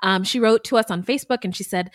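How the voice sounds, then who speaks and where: A woman co-hosting a podcast in casual chat, animated and blunt, swearing freely. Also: medium pitch, fast talker, noisy background. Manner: animated, swearing, bursting into laughter. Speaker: podcast co-host.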